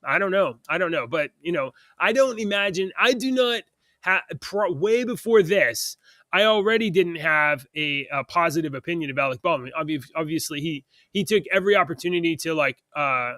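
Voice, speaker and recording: A man's voice: on the high side, normal speed, pushed and bright, dry recording. A man co-hosting a podcast in casual chat, rambling with frequent restarts. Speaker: podcast co-host.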